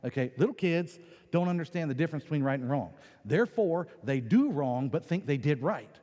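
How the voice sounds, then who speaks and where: A man preaching a sermon as pastor, animated and playful, acting out quoted voices. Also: fairly high pitch, fairly quick. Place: church sanctuary. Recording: long church hall reverb.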